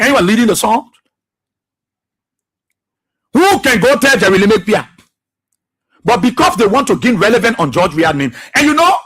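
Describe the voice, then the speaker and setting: This radio talk show host is a Liberian man whose voice is high, bright, and husky. Speaking Liberian English, he gives a political commentary monologue with an impassioned, preachy tone that keeps circling back on itself.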